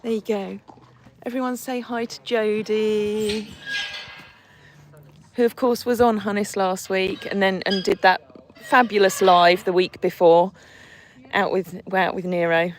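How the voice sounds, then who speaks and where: A woman's voice: mid-range voice, flat delivery, measured pace, slight background noise. A woman hosting a casual live stream from horseback outdoors, reading viewer comments and cooing and scolding her horses in between.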